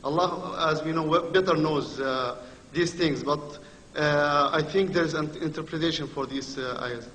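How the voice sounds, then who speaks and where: A man asking a question from the audience, hesitant and broken up by many pauses. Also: a little high, fairly bright tone, a little hiss or hum. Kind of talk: question from the floor. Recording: echoey hall with faint ambience.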